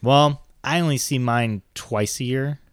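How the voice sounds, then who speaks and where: A man's voice: medium pitch, a little slow, clean tone, dry recording. Joking man co-host, dry sound. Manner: joking, teasing banter. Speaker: podcast co-host. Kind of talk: casual chat.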